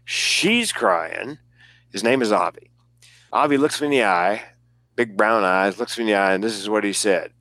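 A man's voice: lowish voice, moderate pace, no room sound, clean studio sound. Man telling a story with swearing. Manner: animated storyteller, acts out quoted voices, swears. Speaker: guest comedian. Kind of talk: casual storytelling.

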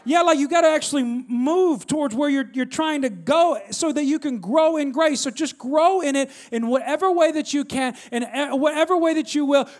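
A man in his thirties preaching a sermon, energetic, repeating phrases and calling on the congregation to respond. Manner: drops low and quiet when telling a story. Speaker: pastor.

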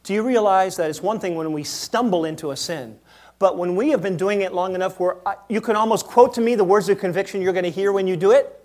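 A man preaching a sermon in a church, moving between quiet asides and loud acted-out quotes. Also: high voice, quick pace. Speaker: pastor.

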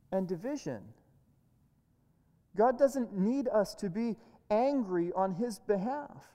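Woman pastor, sermon, earnest, repeats words, mellow, long hall reverb. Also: mid-range voice. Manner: earnest, with frequent word repeats and restarts.

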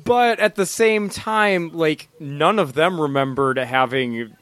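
A man's voice: a little high, slow, a bit bright. A man co-hosting a casual podcast, dry and skeptical, often repeating words as he starts. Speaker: podcast co-host. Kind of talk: casual chat.

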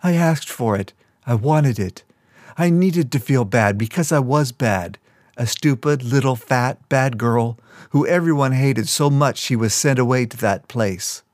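A man's voice: medium pitch, measured pace, no echo, studio quality, close to an everyday voice. A man voicing a small, distraught young woman who blames herself, speaking through sobs. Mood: self-loathing. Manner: sobbing, pleading self-blame.

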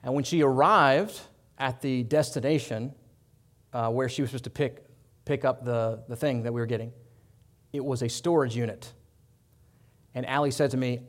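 A man preaching a sermon in an earnest way, rising loud on his appeals and dropping soft on quiet lines. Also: medium pitch, normal speed, pauses often. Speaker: pastor.

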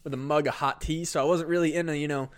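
A man's voice: a little high, fairly even intonation, quick pace, clean tone. A man co-hosting a comedy podcast, talking in a laid-back, sweary way. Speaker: podcast co-host. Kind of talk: casual chat.

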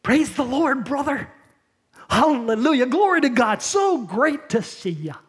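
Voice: high voice, very animated, unhurried, breathy edge, voice pushed up, exaggerated voice. A pastor voicing a gushing, fake-pious churchgoer with a creepy smile, over-sweet and sing-song. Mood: syrupy.

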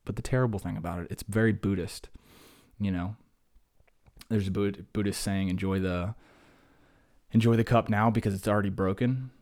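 A young man talks through a casual solo podcast in a fairly low voice. He rambles from topic to topic, animated and self-mocking. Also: moderate pace, pauses often. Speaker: podcast host.

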